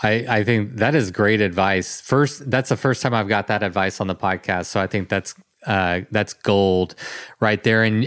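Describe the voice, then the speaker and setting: A man with a lowish, smooth and resonant voice hosts a podcast. He talks in a rambling, enthusiastic way full of fillers and restarts. The sound is dry and close, with no room echo. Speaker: podcast host. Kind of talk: casual interview chat.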